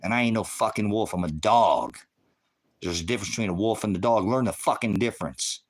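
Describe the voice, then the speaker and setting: A man's voice: lowish voice, a little fast. Heated, profane middle-aged man ranting. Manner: lectures the viewers and the chat directly. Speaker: livestream host. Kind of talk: livestream rant.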